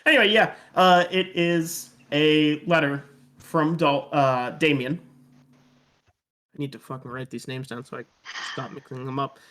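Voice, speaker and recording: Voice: medium pitch, steady tone, unhurried, a bit bright. A game master narrating a tabletop game in a rambling, self-correcting way.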